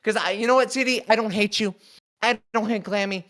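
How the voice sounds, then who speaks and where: A man's voice: sits high, brisk, a bit bright. A young man, a crew member of a talk show, confronting the hosts in an emotional, heated argument, full of swearing and outbursts.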